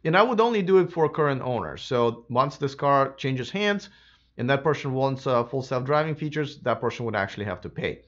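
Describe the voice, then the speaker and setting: A man hosting a live stream, chatting casually with lots of fillers and restarts, his voice a bit hoarse from a sore throat. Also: medium pitch, lively intonation, fairly quick, highs cut off. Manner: rambling, many fillers and restarts. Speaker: livestream host.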